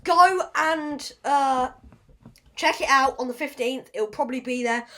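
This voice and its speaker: A woman's voice: sits high, a little slow, a bit bright. A woman hosting a casual podcast, rambling and fumbling over her words with self-deprecating asides. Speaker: podcast host.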